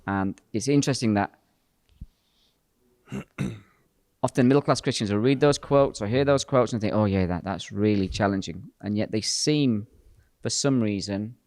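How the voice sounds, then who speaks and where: A man's voice: medium pitch, a little slow, long pauses, darkish tone, dry recording, clean studio sound. A man hosting a podcast discussion, talking bluntly and directly with a joking edge. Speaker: podcast host and pastor. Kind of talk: casual discussion.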